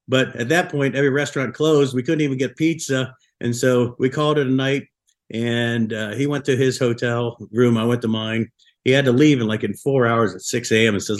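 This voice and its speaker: A man from Buffalo, New York, who co-founded a restaurant, tells rambling anecdotes as a guest on a podcast. His voice is mid-range and a little fast, and he often restarts his sentences.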